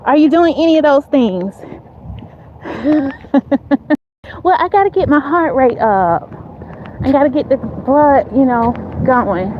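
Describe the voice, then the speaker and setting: A woman's voice: high voice, lively intonation, slow, pauses often, dull audio, noisy background. A woman hosting a casual live chat while walking outdoors, speaking straight to her viewers, repeating herself and urging them on. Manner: walking as she talks, upbeat and encouraging. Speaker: host. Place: outdoors on a neighborhood street. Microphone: phone held while walking.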